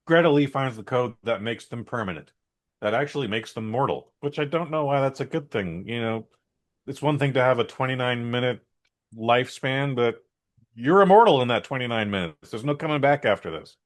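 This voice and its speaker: A podcast co-host with a medium-pitched voice speaks briskly and animatedly, giving his blunt, opinionated and rambling verdict on a movie in casual chat.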